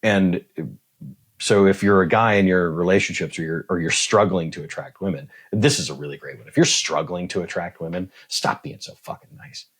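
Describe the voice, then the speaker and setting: A man's voice: sits low, moderate pace, breathy edge. A man in his forties talking as a podcast guest, blunt and swearing freely, acting out dialogue as he tells stories. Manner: animated storyteller, acts out dialogue. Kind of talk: casual conversation.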